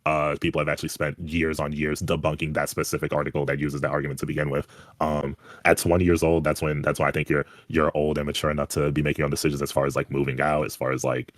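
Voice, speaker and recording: A man's voice: extremely low pitch, flat delivery, fast, dry recording, clean studio sound. A man arguing defensively and insistently in a heated online debate. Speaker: debate participant.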